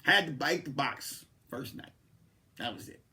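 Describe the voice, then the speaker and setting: A man hosting a comedy podcast, telling a story in a casual, animated way and swinging from hushed asides to loud, laughing outbursts. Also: mid-range voice, a little slow. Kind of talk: comic storytelling.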